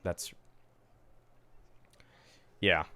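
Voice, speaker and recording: A young man streaming, reacting to an old esports match in casual, excitable commentary, often exasperated and swearing. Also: very slow. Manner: excitable, exasperated, swears, many fillers like "dude".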